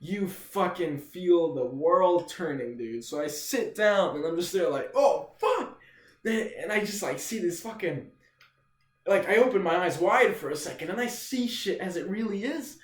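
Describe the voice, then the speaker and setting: A young man rambles through a casual storytime, swearing freely and tacking "dude" onto nearly every line. His voice sits a little high for a man. The room around him is bare and echoey. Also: expressive, moderate pace. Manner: rambling, profane, says "dude" constantly. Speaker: vlogger.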